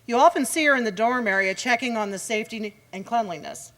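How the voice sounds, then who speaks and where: A woman's voice: a little high, quick pace, fairly bright tone. Wry woman giving an award speech. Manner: wry, joking delivery. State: a little out of breath. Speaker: horsemen's association representative.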